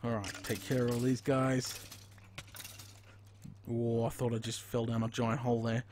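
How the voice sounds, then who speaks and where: A man with an Australian accent giving live, chatty commentary as he plays a video game and thinks out loud. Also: mid-range voice, level tone, normal speed, noisy background. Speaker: gaming streamer.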